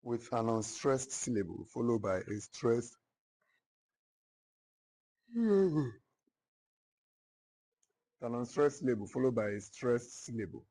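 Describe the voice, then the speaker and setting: Husky guy teaching a class real slow, repeats everything, keeps asking if students follow. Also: medium pitch, warm tone, poor audio. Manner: slow, repetitive, checks understanding often. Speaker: literature teacher. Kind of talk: classroom lecture.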